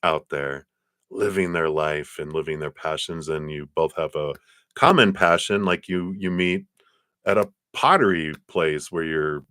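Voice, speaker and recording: A man's voice: rumbling low, measured pace, bright, forceful tone, smooth, no room sound, clean studio sound. A man doing a chatty live-streamed tarot card reading, often laughing as he reads card texts aloud.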